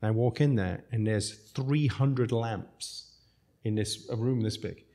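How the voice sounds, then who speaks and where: A man's voice: medium pitch, unhurried, dark tone. A man who runs restaurants, telling rambling, self-mocking stories in a casual podcast chat. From outside the United States. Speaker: restaurateur guest.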